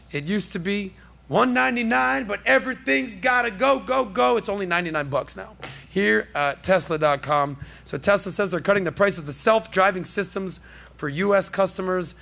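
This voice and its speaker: A high-pitched, gravelly man hosting his podcast with bright, forceful energy. He riffs through the news in an animated, jokey way and tosses asides to his crew. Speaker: podcast host.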